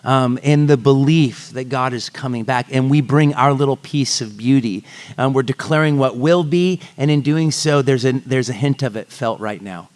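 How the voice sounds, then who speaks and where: A male pastor giving a sermon at a church service, at a mid-range pitch typical for a man. He speaks in a conversational, self-interrupting way, breaking up serious points with light jokes. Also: normal speed, darkish tone. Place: church service before singing congregation.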